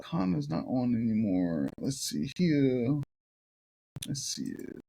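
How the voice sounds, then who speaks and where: Young male podcast host, casual, cursing, laughs his way through war stories, mid-pitched. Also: big pitch swings, slow pace, vocal fry, dark tone, husky. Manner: swears a lot, laughs while telling stories.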